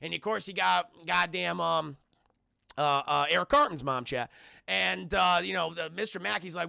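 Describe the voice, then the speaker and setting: A man in his thirties doing a live spoiler film review, talking to his viewers in an animated, profane way. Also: sits high, normal speed, creaky, clear, resonant tone, no room sound, clean studio sound. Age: 30s. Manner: animated, profane, laughs while retelling.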